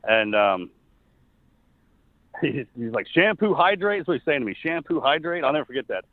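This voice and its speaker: A middle-aged man, a former soldier, earnestly recounting a personal story in a halting way with frequent restarts. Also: mid-range voice, animated, dry recording. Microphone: phone call. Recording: tinny phone line, dry.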